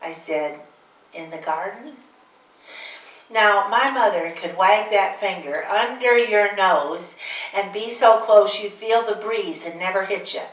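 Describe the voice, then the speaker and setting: A woman's voice: mid-range voice, takes it slowly, lightly acted. A woman performing the aged Virgin Mary as a live character monologue, chatting wryly with the audience. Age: older. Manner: chatty, wry asides to the audience. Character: aged Virgin Mary, wry, homespun storyteller. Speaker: one-woman stage performer. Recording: echoey room, voice from a distance.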